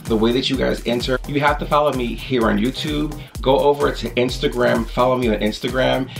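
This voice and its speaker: A man telling a lively storytime in a casual vlog, acting out quotes as he goes. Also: mid-range voice, fairly quick, creaky, faint music behind. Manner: chatty, animated storytelling with acted-out quotes. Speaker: vlogger.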